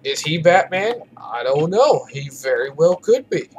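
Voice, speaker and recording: A man talks over his gameplay in an unhurried, drawn-out ramble, his voice sitting a little on the high side. He sounds tired and swears freely, opinionated as he goes. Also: very animated, slight background noise. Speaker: let's play gamer. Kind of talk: casual gameplay commentary.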